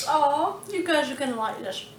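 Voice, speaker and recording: In her home kitchen, a cooking channel host chats through a casual vlog in a high-sitting voice, warm, slow and homey, laughing frequently. The room is echoey with slight background noise.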